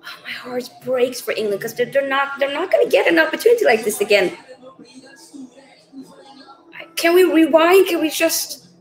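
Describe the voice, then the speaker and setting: A woman's voice: high-pitched, animated, moderate pace, pauses often, echoey room, soft background music, rough recording. A woman hosting a live watch-along of a match, emotional and thinking aloud as she talks straight to her viewers. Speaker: host.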